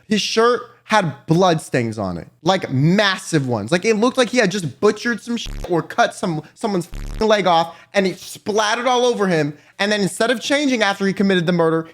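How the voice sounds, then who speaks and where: Man, storytime vlog, high voice, lively swings in pitch, animated and profane. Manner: animated, swears often. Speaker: vlogger.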